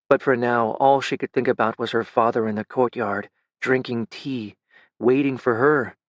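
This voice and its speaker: A man narrating a dark fantasy audiobook in a measured, intimate way. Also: medium pitch, no echo.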